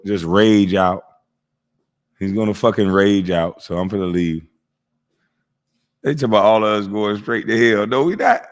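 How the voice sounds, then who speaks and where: A man streaming live who reacts to a clip with mocking, heavily profane commentary, laughing often. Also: lowish voice.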